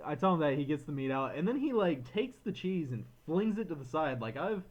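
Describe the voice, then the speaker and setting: A man co-hosting a podcast, telling a frustrated story in casual chat, animated and ranting, slipping into quoted voices. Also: a little high, normal speed, highs cut off. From Florida, USA. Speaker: podcast co-host.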